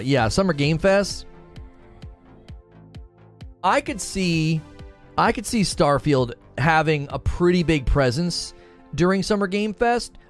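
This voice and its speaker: A man in his thirties, hosting a casual livestream chat, excitable and rambling, often repeating himself. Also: fairly high pitch. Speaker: livestream host.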